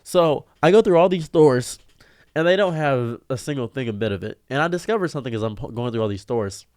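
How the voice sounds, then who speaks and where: Exasperated male vlogger ranting about his day, mid pitch, flat dry sound, voice leaps high when indignant. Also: fairly quick, no echo. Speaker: streamer and video diarist. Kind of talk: ranting diary vlog.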